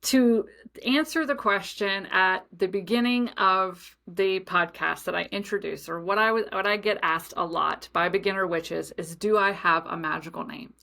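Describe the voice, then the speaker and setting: Chatty woman telling a story. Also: fairly low pitch. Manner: chatty, animated storytelling with many asides and fillers. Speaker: podcast host. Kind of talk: casual storytelling monologue.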